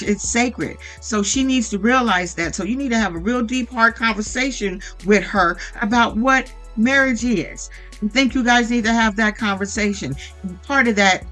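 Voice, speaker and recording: A woman's voice: fairly high pitch, a bit bright. A woman giving casual reality TV recap commentary in a blunt, profane and opinionated way. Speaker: vlogger recapping a reality show.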